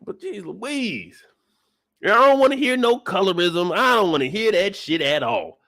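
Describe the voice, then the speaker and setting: Animated high-pitched man ranting. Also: measured pace, gravelly, no echo. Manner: loud, animated, profane ranting with big pitch swings. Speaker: channel host reacting to a TV episode. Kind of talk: casual reaction commentary.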